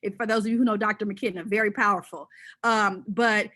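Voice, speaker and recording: A woman from Southern California, a panelist telling a personal story in an animated, conversational way with many fillers and restarts. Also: mid-range voice, a little fast.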